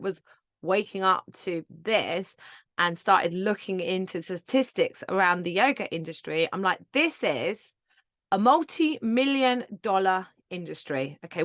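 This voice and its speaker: A woman's voice: mid-range voice, a bit bright, dry recording. Passionate woman with a dry, close voice. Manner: passionate, emphatic, swears casually, laughs often. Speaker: podcast host and yoga teacher mentor. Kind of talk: solo podcast monologue.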